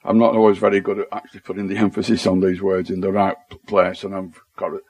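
A man's voice: low-pitched, level tone, quick pace, a little mellow, breathy edge, no room sound. A man with a Lancashire accent in a Bible study discussion, explaining word meanings in a tentative, self-deprecating way with frequent restarts. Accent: Lancashire English.

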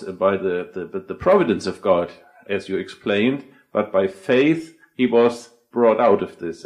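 A man's voice: on the low side, darkish tone, low-quality recording. A man taking part in a group Bible discussion, explaining his thoughts in a reflective way. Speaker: Bible study participant.

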